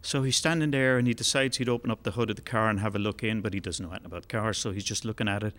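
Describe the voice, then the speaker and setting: A man's voice: on the low side, racing, a little hiss or hum. Man telling a rambling joke. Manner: relaxed, rambling, with fillers. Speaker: musician telling a joke on stage. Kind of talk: told joke, live storytelling. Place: concert hall.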